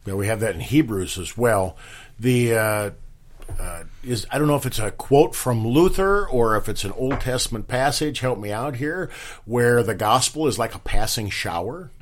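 A man hosting a talk show, questioning a pastor and expounding on scripture with frequent pauses. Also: mid-range voice, animated. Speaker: host.

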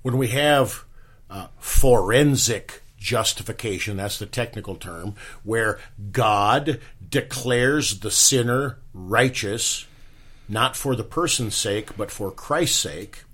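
A man hosting a talk show, questioning a pastor and expounding on scripture with frequent pauses. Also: lowish voice, a bit bright, husky. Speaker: host.

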